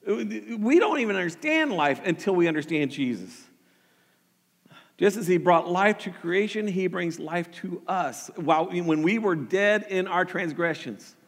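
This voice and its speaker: A man's voice: high voice, lively intonation, unhurried, long reverb tail. A man preaching a sermon with earnest energy, often repeating words as he starts a thought and building to emphatic peaks. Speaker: pastor.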